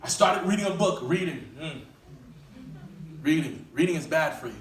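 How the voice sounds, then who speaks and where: A pastor preaching a sermon with animated energy that builds to shouting. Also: male voice, on the high side, moderate pace, pauses often, distant mic, noisy background. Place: church sanctuary. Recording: echoey hall recorded from afar.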